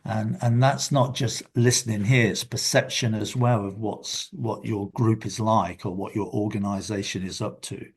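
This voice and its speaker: A man's voice: on the low side, steady tone, normal speed, few pauses. An older man, a guest in a casual interview, telling reflective stories from his working life. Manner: reflective, anecdotal storyteller.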